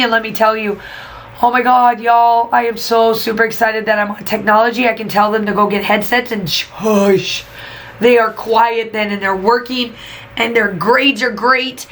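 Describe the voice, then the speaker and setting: A woman's voice: fairly high pitch, a bit bright, low-quality recording. A woman, chatting enthusiastically while she crafts and talks to her channel, with many fillers. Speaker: craft YouTuber and teacher. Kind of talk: casual crafting vlog voice-over.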